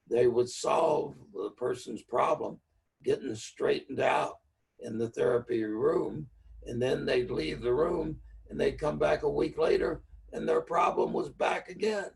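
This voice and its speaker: A man's voice: mid-range voice, vocal fry, recorded from a distance. A man giving a speaker-series talk on NLP, explaining in a plainspoken teaching manner with everyday examples.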